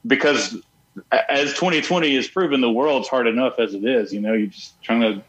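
A man chatting in a loose, rambling way about his band, dropping swear words and trailing off mid-thought. His voice sits at an ordinary middle pitch, and he talks like someone relaxed among friends. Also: fairly quick, poor audio. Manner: rambling, laid-back, swears freely. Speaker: band member. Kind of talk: casual interview chat.

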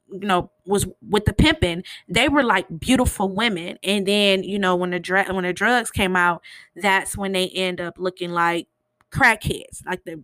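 A woman's voice: mid-range voice, fairly bright tone, no echo. A woman hosting a podcast, giving a casual, rambling recap full of "you know" fillers. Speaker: podcast host.

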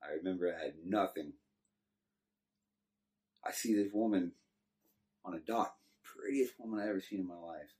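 A man's voice: low-pitched, moderate pace, pauses often, mellow. A middle-aged man from Texas with a Texan accent, telling his life story in a laid-back, rambling way. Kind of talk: casual storytelling. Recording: distant from the mic.

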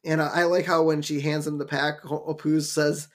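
A man's voice: a little high, flat delivery, moderate pace. A man co-hosting a podcast, chatting casually and retelling scenes with lots of fillers. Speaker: podcast co-host. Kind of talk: casual chat.

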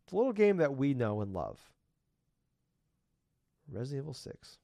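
A man's voice: mid-range voice, very animated, moderate pace, vocal fry, mellow, no echo. A man in his thirties hosting a casual podcast, rambling and ranting with lots of swearing. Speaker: podcast host.

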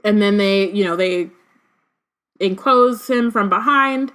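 A woman's voice: mid-range voice, slow, fairly bright tone. Woman, casual book-club reader, filler-heavy and slangy. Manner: many fillers and "like", loose slangy asides. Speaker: podcast co-host reading and discussing a book. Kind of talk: casual chat mixed with reading aloud.

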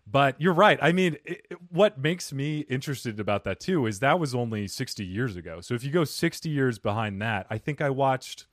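Lively, playful male podcast host. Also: mid-range voice, no echo, studio quality. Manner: animated, playful, quick to laugh. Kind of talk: casual chat.

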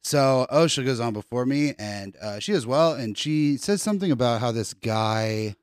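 Laughing, animated guy telling a story. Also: medium pitch, moderate pace, clean tone, no echo, studio quality. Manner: laughs a lot, rambling storytelling with many fillers. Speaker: guest comedian. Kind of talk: casual podcast chat.

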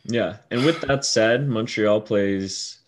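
A man's voice: lowish voice, slow, slight background noise. A man co-hosting a casual hockey podcast, laying out standings and points steadily. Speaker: podcast co-host.

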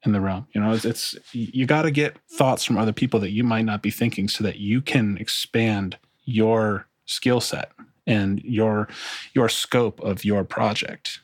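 A man with a lowish voice talks through his work as a producer in a loose, rambling way, circling back and restarting his sentences. The sound is dry and close, with no room around it. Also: measured pace, breathy edge, no room sound. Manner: relaxed, rambling, many restarts and fillers. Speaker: music producer. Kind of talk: casual interview talk.

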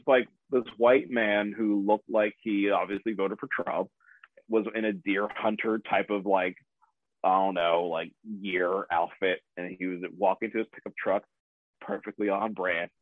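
Here a man on the low side speaks with no echo, through a dry, thin, phone-like sound. His casual personal anecdote is full of laughter, profanity, and self-mockery.

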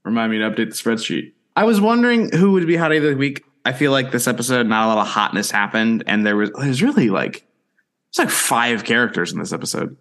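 A young adult man co-hosting a podcast, teasing his co-host and recapping plot in steady narration. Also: mid-range voice, fast. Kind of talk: casual chat and episode recap.

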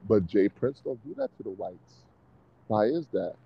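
A man's voice: lowish voice, huge pitch swings, moderate pace, vocal fry, husky. Heated provocative man on a lo-fi mic. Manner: provocative, heated, repetitive, laughs at own claims. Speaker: podcast co-host. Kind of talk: casual argumentative chat.

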